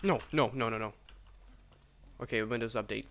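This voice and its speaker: A man giving live commentary on his own game, excitable and profane, swinging between mutters and sudden shouts. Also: mid-range voice, moderate pace.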